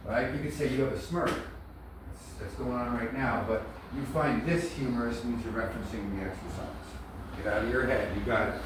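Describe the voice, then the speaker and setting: A man's voice: mid-range voice, moderate pace. A man coaching an acting class, talking bluntly and with energy, laughing often. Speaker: acting teacher. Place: large echoey studio room. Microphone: far camera mic. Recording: echoey room from a distance, noisy.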